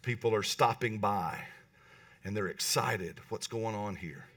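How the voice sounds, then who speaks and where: A man preaching a lively sermon in church, often asking the congregation "right?" and pausing for answers. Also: lowish voice, recorded from a distance. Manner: animated, talks to the congregation with calls like "right?". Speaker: pastor. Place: church hall.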